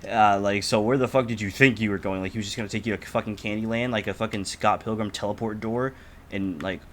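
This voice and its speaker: Teen male podcast co-host, low voice, profane animated storyteller, faint background noise. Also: fast. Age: teens. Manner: animated, profane, acts out quotes loudly. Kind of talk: casual storytelling chat.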